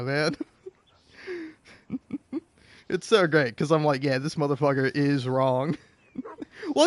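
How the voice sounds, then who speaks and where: A man's voice: fairly high pitch, a little hiss or hum. A young man reading out comments and ranting about them in a casual, profane, rambling way while he plays a game. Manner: profane, animated, rambling with restarts.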